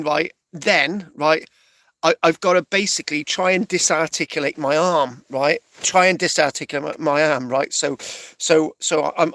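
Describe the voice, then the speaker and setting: An English stand-up storyteller with a slightly high, sharp-toned voice tells a rambling comic story, frequently stopping with "right?" and restarting his phrases. The recording is dry.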